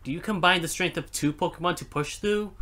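A man's voice: sits high, a little fast, bright, forceful tone, pitched above the performer's own voice. A man reading aloud a confident female gym trainer's game lines in his own everyday voice. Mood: challenging. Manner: reads game dialogue aloud plainly.

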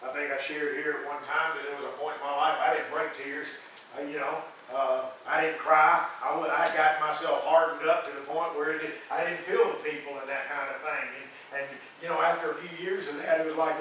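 A man's voice: fairly high pitch, level tone, a little fast, sharp tone, slight background noise. A male pastor preaching a sermon in a folksy, fervent way that builds to hollering, his voice cracking from the preaching. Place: church sanctuary. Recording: echoey church hall, mic far off.

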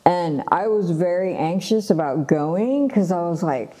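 A middle-aged woman from Los Angeles, a guest telling her life story in a casual, animated way, with frequent laughs, fillers and restarts. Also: fairly low pitch, unhurried, husky. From Los Angeles, USA. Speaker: guest sharing her testimony.

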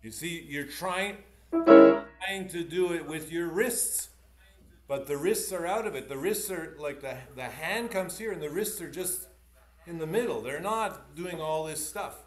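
A man with a fairly high voice coaches a piano student in an online masterclass. He talks animatedly, demonstrates passages and gives encouraging corrections. The room is echoey, and piano playing sounds behind him. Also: lively intonation, moderate pace, a bit bright. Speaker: piano teacher.

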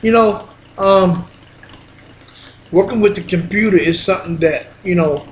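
A man, a minister, preaching in a home video, excitable and folksy, breaking into shouts when he quotes scripture. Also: sits high, measured pace, a little hiss or hum. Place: alone at home. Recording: roomy echo.

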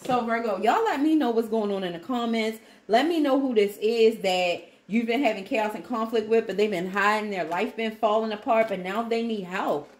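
A woman's voice: a little high, moderate pace, hardly any pauses. Laughing woman reading tarot, echoey room. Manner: laughing, exclaiming, talks to viewers as y'all. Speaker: tarot reader. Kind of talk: casual tarot reading to camera.

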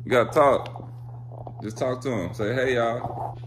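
A man's voice: medium pitch, measured pace. A young man hosting a casual home vlog, playfully coaxing kids and dogs and laughing often. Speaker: vlogger. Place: home kitchen. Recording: noisy home recording.

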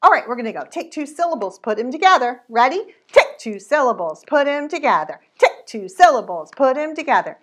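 A woman hosting a library storytime for preschoolers, talking in an animated sing-song that often drops into whispers. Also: sits high, brisk, few pauses. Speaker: children's storytime host.

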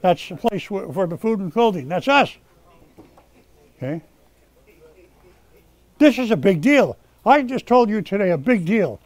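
Man, pastor, sermon, high voice, dry close mic, scolding then hushed. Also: big pitch swings, unhurried, pauses often, no room sound. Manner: scolding, swings from loud rebuke to quiet prayer. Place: rescue mission chapel.

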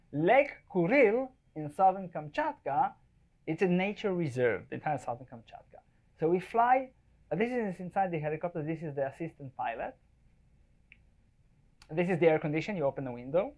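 This male presenter has a high, a little mellow voice with lively intonation and a moderate pace. A wildlife photographer speaking to a live audience in an event space, he is chatty and full of jokes, regularly asking listeners if they follow.

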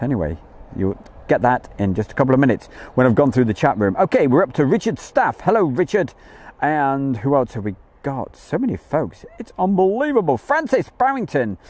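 A man's voice: mid-range voice, darkish tone. A man hosting a live stream outdoors from a campsite field, chatting in a jokey way and greeting viewers by name. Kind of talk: casual live-stream chat.

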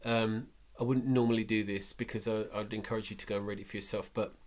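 A man giving a casual, reflective talk about a short story, halting often with fillers. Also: lowish voice, flat delivery. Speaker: book vlogger. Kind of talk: casual book talk and reading.

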